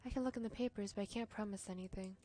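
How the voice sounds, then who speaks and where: A woman's voice: medium pitch, fairly even intonation, very fast, warm tone, natural voice. A woman streamer voicing an obliging female record-shop keeper in a story game, speaking in a friendly manner.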